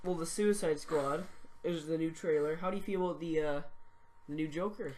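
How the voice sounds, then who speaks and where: A teenager chats on a casual podcast at a middle pitch. The talk is hesitant and full of restarts, with a faint hiss behind it. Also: moderate pace, a little mellow. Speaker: podcast co-host. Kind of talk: casual chat.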